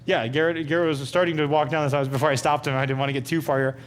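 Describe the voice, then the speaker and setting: Man teaching Bible study, higher-pitched voice. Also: little pitch movement, very fast. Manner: asks the group many questions, conversational with fillers. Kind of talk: interactive Bible study lesson.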